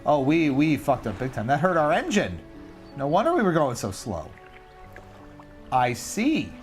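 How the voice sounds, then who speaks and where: Faint music plays as a man streams a video game, talking to himself in a slightly high voice and a slightly slow pace. He is animated and self-mocking, joking casually about his own slip-ups in live commentary.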